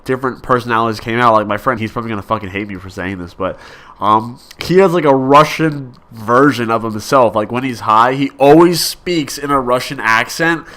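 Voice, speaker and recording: A man's voice: on the high side, sharp tone. A young man vlogging in a casual, rambling monologue, full of fillers and restarts, coughing now and then.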